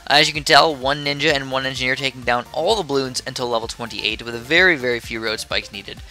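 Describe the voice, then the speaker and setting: A man's voice: mid-range voice, fast, sharp tone, soft background music. A sleepy young man giving casual, rambling commentary while playing a game, drifting off topic into chatty asides. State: sleepy, yawning. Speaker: gameplay commentator.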